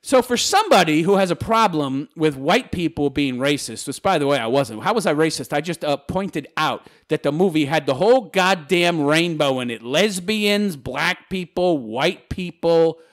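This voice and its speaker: A man's voice: fairly high pitch, expressive, moderate pace, few pauses. A man hosting a channel, reading viewer comments aloud and answering them in a sarcastic, mocking, combative rant. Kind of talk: ranting commentary.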